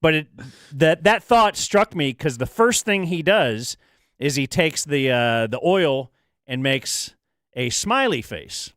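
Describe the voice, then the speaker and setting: Rambling male co-host with smooth voice. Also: a little high, animated, slow pace, fairly bright tone, no room sound, clean studio sound. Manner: rambling storyteller, lots of fillers and restarts. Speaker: radio show co-host. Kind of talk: casual chat.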